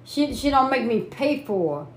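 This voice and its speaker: High-pitched lady chatting, keeps restarting, echoey room, faint hiss. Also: animated. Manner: halting, many restarts and fillers. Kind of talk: casual chat.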